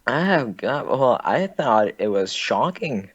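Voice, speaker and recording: A man's voice: medium pitch, very animated, slow pace. A young man calling in to a live show. He talks casually and hesitantly, with lots of fillers and casual swearing. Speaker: caller. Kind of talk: casual phone-in chat. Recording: dull, lo-fi call audio.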